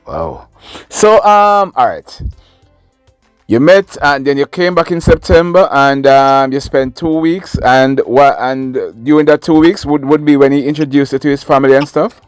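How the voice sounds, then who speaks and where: A man's voice: mid-range voice, a little slow, clean tone, dry recording, clean studio sound, soft background music. A man hosting an interview, asking questions hesitantly and repeating words as he goes. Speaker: interviewer, channel host.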